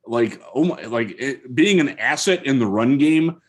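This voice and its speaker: A man's voice: medium pitch, lively intonation, a little slow. A man co-hosting a podcast from home, talking through football plays in detail in a casual chat. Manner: thoughtful, detailed football analysis. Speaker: podcast co-host.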